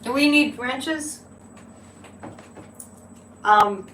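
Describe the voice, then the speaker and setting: Woman, psychic live-stream host, chatty and incredulous, higher voice, roomy echo, faint background hum. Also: normal speed, pauses often, fairly bright tone. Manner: chatty, laughs often, incredulous asides. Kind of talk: casual live-stream commentary. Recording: echoey room with faint ambience.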